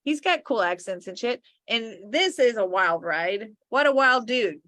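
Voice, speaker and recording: Slow, bright-voiced woman co-host, laughing. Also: fairly high pitch, animated, no echo. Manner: laughs often, loose and jokey. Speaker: podcast co-host. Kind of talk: casual chat.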